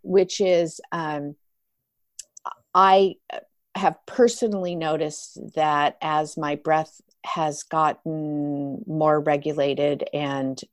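A middle-aged woman, a yoga therapist, explaining breathing work in a relaxed interview, with many restarts and fillers. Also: low-pitched, very slow, no room sound. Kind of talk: conversational interview.

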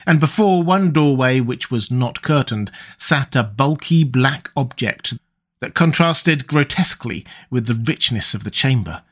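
A man giving an audiobook narration of a pulp adventure story, with a steady, even delivery. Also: medium pitch, a little slow.

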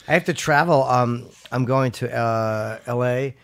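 A man's voice: medium pitch, a bit bright, no room sound. A man who does stand-up, chatting crudely and joking on a podcast. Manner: crude, joking, quick storyteller. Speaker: stand-up comedian guest. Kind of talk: casual podcast banter.

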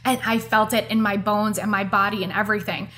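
A woman's voice: medium pitch, little pitch movement, a little fast, sharp tone, soft background music. A woman, hosting her own podcast and talking earnestly and chattily to her listeners. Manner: earnest, chatty, addresses listeners as "you guys". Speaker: podcast host. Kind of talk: casual motivational podcast monologue.

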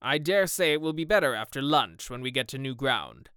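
A man voicing a hearty, brusque aristocratic gentleman hunter, raised and indignant, in an audiobook reading. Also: medium pitch, lively intonation, fairly quick, clean tone, no room sound, clean studio sound. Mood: casual. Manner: blustering, indignant.

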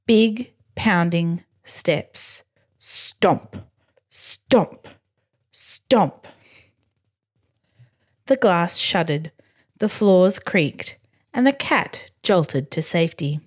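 A woman reading a bedtime story slowly and expressively. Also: lowish voice. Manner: slow, expressive, gently animated. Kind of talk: scripted bedtime story narration.

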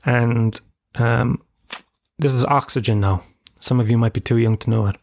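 A man in his thirties with an Irish accent talks at a mid-range pitch, spinning loose, swear-laden stories that poke fun at himself. His voice sits close and dry, with almost no room sound around it. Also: steady tone, moderate pace, vocal fry, a little mellow, no room sound. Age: 30s. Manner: rambling, profane, self-mocking storytelling. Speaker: podcast host. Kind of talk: casual solo podcast chat.

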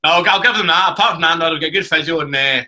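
Bright-voiced podcast host. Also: male voice, a little high, quick pace. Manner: jokey, swears freely, repeats "mate". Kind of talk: casual banter interview.

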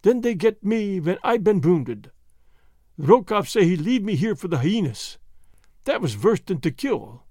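A man's voice: sits high, sing-song, measured pace, dark tone, no echo, clean studio sound, heavily acted. A man voicing a wounded, dying Swedish sailor who speaks weak, broken English in a near whisper.

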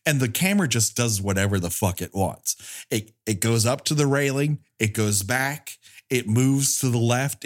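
A man hosting a podcast, recapping a bad movie with sarcastic, profane jokes and quick acted-out quotes. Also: mid-range voice. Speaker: podcast co-host.

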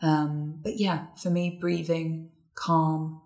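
A woman chatting as a podcast guest in a relaxed way, with many little fillers. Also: sits low, takes it slowly. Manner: relaxed, chatty, warm agreement with frequent fillers. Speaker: podcast guest, voiceover artist. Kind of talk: casual conversation.

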